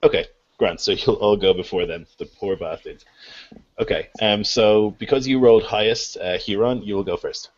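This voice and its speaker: A man's voice: fairly low pitch, fairly quick. Man game-mastering, lo-fi dull sound. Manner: relaxed, laughing, loose rules explanations. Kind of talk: narrating a tabletop game over an online call. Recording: dull lo-fi call audio.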